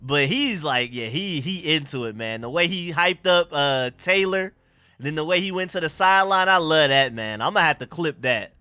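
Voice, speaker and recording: Young guy streaming football reactions, bright punchy voice, kinda high, keeps repeating stuff, music faint behind. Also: lively intonation, normal speed, clear, resonant tone, no echo. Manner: hyped, repeats phrases, slangy street talk. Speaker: sports live stream host. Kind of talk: excited live game reaction.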